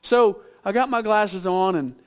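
A man's voice: high-pitched, measured pace, clean tone. A middle-aged man preaching a sermon, telling stories with self-mocking humor. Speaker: pastor.

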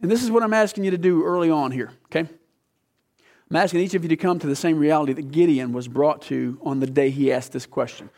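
Male pastor, fairly high pitch, earnest sermon delivery that rises for quotes and sinks for emphasis. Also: quick pace, a little mellow. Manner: earnest, voice climbing high when quoting, dropping low to drive points home.

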